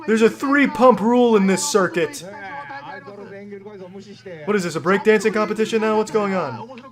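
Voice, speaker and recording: A man's voice: high-pitched, moderate pace, pauses often. A man giving sarcastic, swearing mock sportscaster commentary over video clips.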